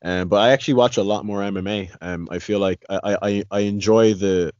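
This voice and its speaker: Man, low voice, rambling casual chat, dry muffled sound. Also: steady tone, brisk, darkish tone, no echo. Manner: rambling, many restarts and "you know". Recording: dry, slightly dull lo-fi sound.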